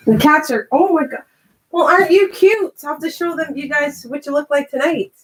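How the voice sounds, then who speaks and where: This is an older woman with a slightly high voice, hosting her own channel and chatting away to the camera. She rambles and loses her thread easily. She talks to her pets in the middle of her sentences. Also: brisk, slight background noise. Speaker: craft and garden channel host. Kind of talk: casual chat to camera.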